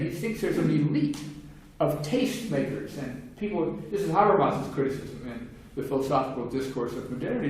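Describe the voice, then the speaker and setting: A man's voice: on the high side, lively intonation, a little fast, few pauses, darkish tone. An older man giving a discursive seminar talk on philosophy, with frequent restarts and fillers, now and then acting out quoted voices. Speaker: philosophy lecturer. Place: seminar room. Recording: very echoey room, distant mic, faint hiss.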